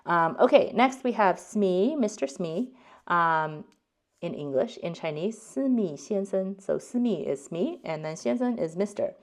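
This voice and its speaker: A woman's voice: mid-range voice, animated, a little slow. A woman hosting a casual language lesson, chatting with frequent ums and likes as she reads out card text in two languages. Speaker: card game channel host.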